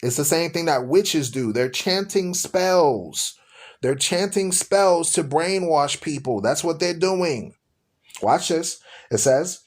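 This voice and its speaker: A man's voice: on the high side, lively intonation, a little slow. A man hosting a live-streamed show, preaching emphatically with rhetorical questions, mockery and scripture read aloud. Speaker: host.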